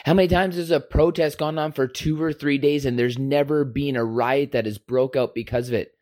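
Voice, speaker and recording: Man, mid-pitched, delivering a fervent monologue packed with repeated rhetorical questions. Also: steady tone, fairly quick, darkish tone. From Canada. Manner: repetitive rhetorical questions, emphatic. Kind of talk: impassioned monologue.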